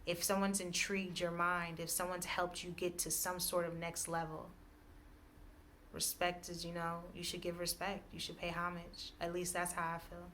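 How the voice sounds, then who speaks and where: Woman, low-set but bright and pushing voice, intuitive reader, repetitive hedging delivery with frequent laughs. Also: monotone, normal speed, slight background noise. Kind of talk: spiritual message reading.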